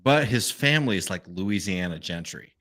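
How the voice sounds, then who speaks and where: Low guy with a bright edgy voice, rambling guest, chuckles a lot. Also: lively intonation, normal speed. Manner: rambling, chuckles mid-sentence. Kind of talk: casual chat. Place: Austin, Texas.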